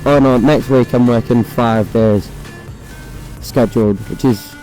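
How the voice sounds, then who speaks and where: A young man with a hoarse, croaky voice, chatting casually and swearing while riding a motorbike, recorded on a phone inside his helmet. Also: mid-range voice, steady tone, unhurried, dark tone, soft background music, poor audio. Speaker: motovlogger. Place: on a motorbike on city roads.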